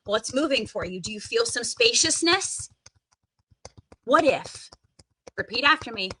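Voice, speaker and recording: A woman with a bright, forceful voice that sits a little high leads a guided tapping meditation. She coaxes and directs her listeners, breaking her lines with audible sighing deep breaths. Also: sing-song, moderate pace, long pauses, slightly rough. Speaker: tapping session leader.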